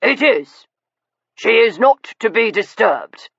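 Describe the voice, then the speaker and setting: A woman's voice: fairly high pitch, very animated, slow pace, creaky, fairly bright tone, slightly rough, no echo, voice pushed up, heavily acted. A woman voicing a pompous, short-tempered baronet with an indignant, puffed-up manner, in a dull recording. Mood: blustering. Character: pompous blustering baronet, quick to anger.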